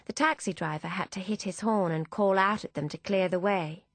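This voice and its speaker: A woman narrating a novel as an audiobook, in a measured, descriptive storytelling manner. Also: fairly low pitch, dry recording.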